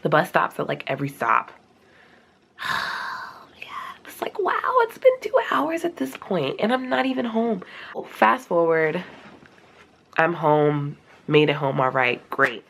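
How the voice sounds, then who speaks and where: A young woman telling a casual storytime, acting out her own reactions in a high, animated voice. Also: a little slow, gravelly. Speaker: vlogger.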